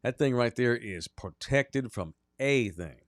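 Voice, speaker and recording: Blunt, profane sports radio host. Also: male voice, mid-range voice, expressive, unhurried, dry recording, clean studio sound. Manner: blunt, profane, does mocking impressions. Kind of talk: casual sports talk.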